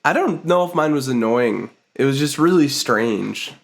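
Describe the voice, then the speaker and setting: A man's voice: mid-range voice, animated, normal speed, gravelly. A man co-hosting a casual comedy podcast, laughing often and joking loosely. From Serbia. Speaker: podcast co-host.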